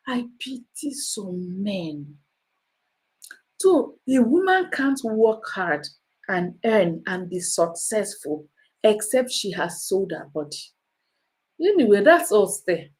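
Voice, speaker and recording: A woman's voice: medium pitch, slow pace, rough recording. A woman, giving rambling, exclamatory commentary in a casual vlog. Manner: animated, exclamatory, rambling with restarts. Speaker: vlogger.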